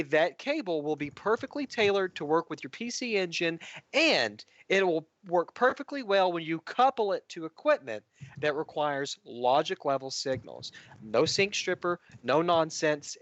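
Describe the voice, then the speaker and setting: A man's voice: on the high side, animated, normal speed, fairly bright tone, no room sound, lo-fi sound. A man co-hosting a casual tech talk show, blunt and joking, with a lot of profanity. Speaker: podcast co-host, hardware modder.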